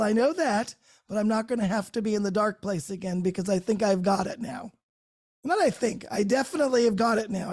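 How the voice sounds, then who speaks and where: A woman's voice: mid-range voice, darkish tone. A woman hosting a live group call from her home, talking in an effusive, unscripted way, laughing often and restarting her words. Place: her own home, great room by a Christmas tree.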